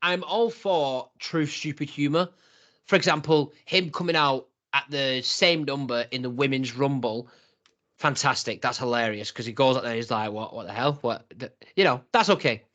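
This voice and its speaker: A young man co-hosting a casual wrestling review, animated and often laughing as he retells scenes. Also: medium pitch, normal speed, highs cut off. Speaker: wrestling podcast co-host.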